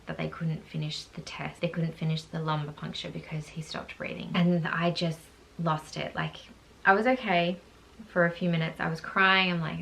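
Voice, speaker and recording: Woman, thirties, low voice, vocal fry, casual rambling storytelling. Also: fairly bright tone, a little hiss or hum. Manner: candid, rambling, lots of "like" asides. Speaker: vlogger telling her birth story.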